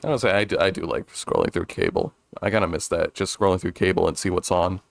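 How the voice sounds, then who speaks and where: A man's voice: low voice, quick pace, vocal fry, dry recording. A male streamer chatting casually during a game, rambling with restarts and frequent chuckles. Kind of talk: casual let's-play chat.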